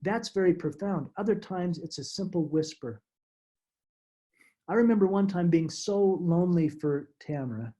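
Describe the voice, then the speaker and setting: A middle-aged man, a guest speaker, telling a personal story in an emotional, halting way that repeats words, with soft laughs. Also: high-pitched, expressive, lo-fi sound.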